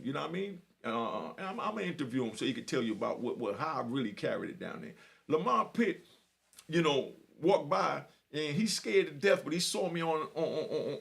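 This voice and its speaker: A man's voice: a little high, creaky, fairly bright tone. A middle-aged man telling a personal story in an emotional, earnest way, with street slang and frequent check-ins with the listener. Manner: earnest street talk, repeats "you know what I mean". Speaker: vlogger telling prison stories.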